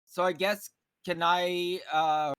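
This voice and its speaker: A man's voice: high voice, flat delivery, slow, a bit bright, clear, resonant tone, no room sound. A man playing a tabletop game, asking hesitant, stammering questions about the rules. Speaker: player.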